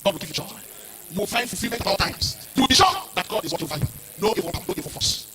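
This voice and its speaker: A man, preaching and giving announcements in a church, talking quickly with sudden high exclamations. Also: lively intonation. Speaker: minister. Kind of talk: sermon and announcements. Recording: distant mic with loud music behind.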